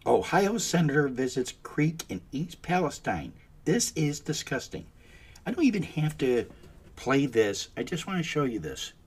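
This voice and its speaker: Husky man, unhurried sarcastic rant, swings his pitch widely for mockery. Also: sing-song. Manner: sarcastic, mocking. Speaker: commentator. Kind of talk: ranting political commentary.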